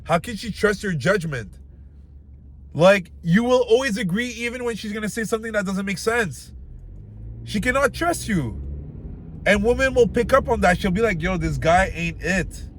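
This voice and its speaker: Young male vlogger, slightly high voice, blunt and casual, lots of fillers, faint noise behind. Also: lively intonation, moderate pace, long pauses, a bit bright. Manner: loose and blunt, heavy filler words, talks straight to the viewer. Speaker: dating advice host. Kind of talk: casual advice talk to camera.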